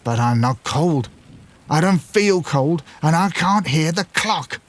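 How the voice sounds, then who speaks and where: A man voicing the blind, frightened ghost of an old father who pleads slowly and wails. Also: on the high side, expressive, voice pushed up. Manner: pleading, wailing, slow.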